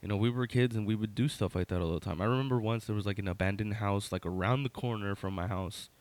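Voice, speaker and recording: A middle-aged man with a low voice tells a story from his own life in a loose, casual way. He rambles and corrects himself, tossing in fillers and wry "right?" asides. The sound is dry and close, with no room echo. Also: quick pace, a little mellow. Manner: wry, conversational, addresses listener with "right?".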